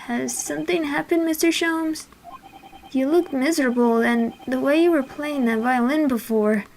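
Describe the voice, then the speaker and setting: A woman's voice: high voice, normal speed, a little mellow, a little hiss or hum. A woman voicing an earnest, easily flustered young male lawyer who asks puzzled questions. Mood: concerned.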